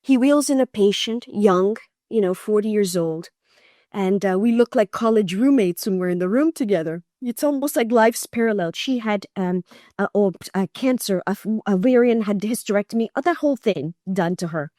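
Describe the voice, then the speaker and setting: A middle-aged woman, a guest on an interview show, telling her story in an earnest, animated way and acting out other people's voices. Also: medium pitch, normal speed, no echo, clean studio sound. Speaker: guest, cancer survivor.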